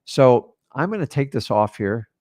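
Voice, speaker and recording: A man with a mid-pitched voice leads a live training session on real estate deals. He talks in short, punchy bursts and coaches the listeners directly. He breaks into quick acted sample conversations with sellers. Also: sing-song, darkish tone.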